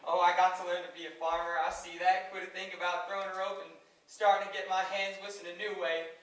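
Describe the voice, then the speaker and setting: A man's voice: sits high, level tone, quick pace, a bit bright. A man playing a cocky young cowboy on stage, with a teasing, playful country drawl. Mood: earnest. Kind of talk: amateur stage acting. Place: large theater stage. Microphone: distant audience camera. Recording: echoey hall, far from the mic, faint hiss.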